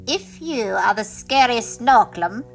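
A woman voicing a small rabbit with high, pointed questioning. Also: animated, takes it slowly, vocal fry, fairly bright tone, soft background music, heavily acted. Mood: quizzical.

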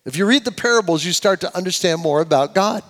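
Older male pastor, slightly high voice, sermon with call-and-response, long church reverb. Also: animated, fast talker. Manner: leads congregation in call-and-response, swings from loud preaching to soft asides. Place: church sanctuary.

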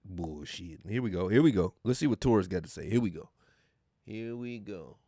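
A man's voice: on the low side, animated, moderate pace, dark tone, no room sound, studio quality. A man hosting a podcast in a casual, profane rant, mocking and often laughing. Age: adult. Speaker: podcast host.

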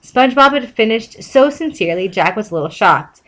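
A woman reading fan fiction aloud with brisk, amused narration. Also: on the high side, expressive, fairly bright tone. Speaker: reader.

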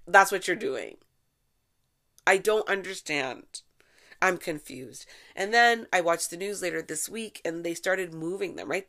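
A middle-aged woman from Canada giving opinionated solo commentary, sarcastic and animated, swearing freely and sometimes bursting into shouts. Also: on the low side. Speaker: vlogger.

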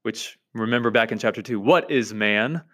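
Earnest lower-voiced man lecturing. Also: normal speed, a bit bright. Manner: earnest, emphatic lecturing with lists and repetition. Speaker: podcast host teaching literature. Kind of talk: reading and analysing a novel chapter.

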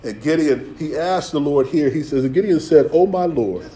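A middle-aged man preaching a sermon in a lively, conversational way. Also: a little high, moderate pace, roomy sound. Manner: animated, conversational preaching with acted asides. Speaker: pastor.

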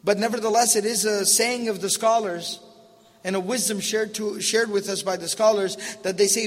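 A man's voice: sits high, a little fast, in a large hall. A man in his thirties preaching a sermon in a casual, storytelling way with slangy asides.

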